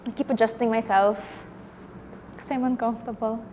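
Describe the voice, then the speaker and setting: A woman's voice: a little high, steady tone, moderate pace, mellow, in a large hall, slight background noise. Nervous woman narrating her feelings. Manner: nervous, laughing, self-conscious. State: anxious, breathy with nervous laughter. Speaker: acting workshop participant. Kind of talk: live self-narration of feelings in an exercise.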